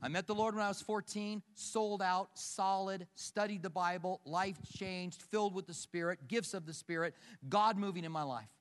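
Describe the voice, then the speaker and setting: A man's voice: high-pitched, normal speed. A middle-aged man preaching a sermon, telling personal stories and quizzing the congregation in a large church auditorium with balconies. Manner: animated storyteller who questions the congregation. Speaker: pastor. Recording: echoey hall from a distance.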